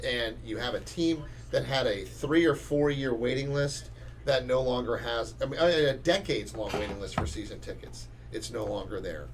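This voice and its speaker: A man's voice: medium pitch, moderate pace. A man co-hosting a casual sports talk podcast, emphatic and often restarting his sentences. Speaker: podcast co-host.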